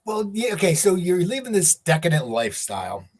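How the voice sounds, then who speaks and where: A man's voice: high voice, very animated, fairly quick, darkish tone. A man hosting a casual interview, asking long, rambling questions full of restarts. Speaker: podcast host.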